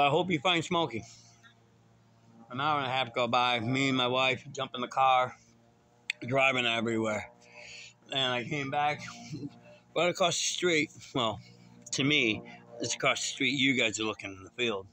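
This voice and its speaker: A man talking casually to his viewers, drifting from one thought to the next. His voice sits at an ordinary middle pitch, and he speaks in a loose, rambling way. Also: moderate pace, pauses often, sharp tone, faint music behind. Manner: rambling, talks straight to viewers. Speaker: vlogger.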